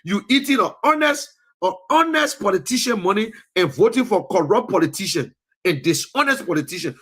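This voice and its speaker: A man's voice: high voice, sing-song, moderate pace, husky. A man speaking Liberian English, giving a passionate political commentary that rises into scolding peaks. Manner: preachy, rising to scolding peaks. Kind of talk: impassioned political talk show monologue. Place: lives in the US.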